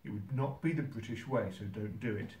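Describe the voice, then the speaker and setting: A man hosting a how-to video from a holiday home kitchen, talking in a dry, mock-serious, gently teasing way. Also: mid-range voice, fairly quick, echoey room, distant mic. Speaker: host. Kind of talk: deadpan comic how-to video.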